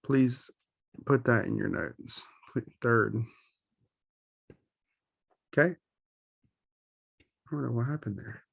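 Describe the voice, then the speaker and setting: A man's voice: medium pitch, very slow, vocal fry, long pauses, husky, dry recording, clean studio sound. A man teaching Spanish grammar in an online lesson, explaining slides with many ums and self-corrections.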